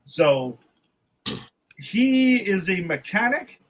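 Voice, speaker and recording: A man with a slightly raised pitch co-hosts a casual movie review podcast. He sounds exasperated and swears often. He rambles, restarting his sentences as he goes. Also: big pitch swings, drawn-out words, low-quality recording. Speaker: podcast co-host.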